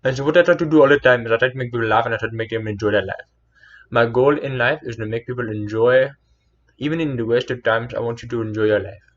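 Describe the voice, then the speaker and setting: Brief: man in a rambling, earnest personal story; mid-pitched; muffled lo-fi sound. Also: fast talker. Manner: meandering, earnest, self-correcting. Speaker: storyteller vlogger.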